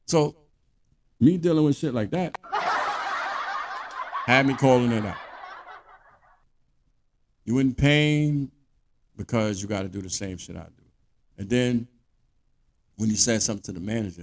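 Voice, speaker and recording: A man's voice: medium pitch, measured pace, long pauses. A man delivering a blunt, profane monologue rant as a podcast host.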